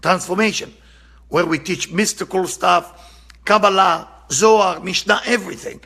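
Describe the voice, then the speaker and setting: Gravelly, husky man teaching Kabbalah. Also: high-pitched, moderate pace, bright, forceful tone. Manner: earnest, impassioned, repeats for emphasis. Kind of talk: spiritual lesson with storytelling.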